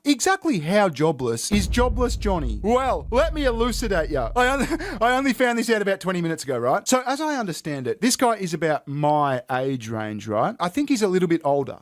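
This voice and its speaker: Animated, amused gossiping commentator. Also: mid-range voice, no echo, clean studio sound. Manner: amused, gossipy storytelling with frequent laughs. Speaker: video creator being reacted to. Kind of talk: casual commentary video.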